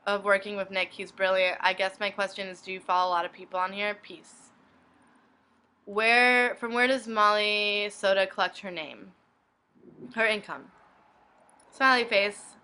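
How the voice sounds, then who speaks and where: This is a young woman reading messages from her inbox aloud, one after another. Her voice is bright and crisp, with a smooth, clear tone. She reads each line plainly, at a middling pitch. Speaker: blogger.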